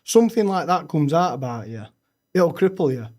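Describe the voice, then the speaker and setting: A young man, a podcast guest telling his own story frankly, with halting restarts. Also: a little high, very animated, darkish tone. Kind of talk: candid personal storytelling.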